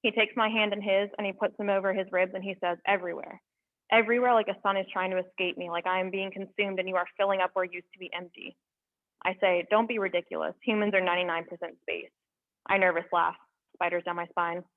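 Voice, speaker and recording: A young woman at an open mic, reading poems aloud with earnest, halting asides between them. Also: medium pitch, flat delivery. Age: young adult. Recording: tinny phone-like sound.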